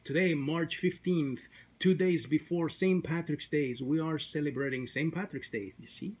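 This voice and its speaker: A man's voice: fairly high pitch, normal speed, a little mellow, slightly rough, poor audio. A man hosting an online show in a chatty, self-deprecating way, with many fillers. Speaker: host. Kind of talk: casual YouTube show.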